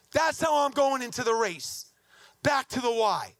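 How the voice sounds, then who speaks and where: High-voiced animated man telling stories. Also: measured pace, no room sound. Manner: animated, acts out dialogue, emphatic. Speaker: motivational speaker. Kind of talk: motivational talk with storytelling.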